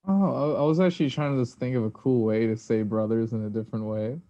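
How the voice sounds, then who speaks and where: A man's voice: medium pitch, fairly even intonation, quick pace, warm tone, no room sound, lo-fi sound. A man filmmaker on a video call panel, answering candidly and a bit sheepishly, laughing as he talks.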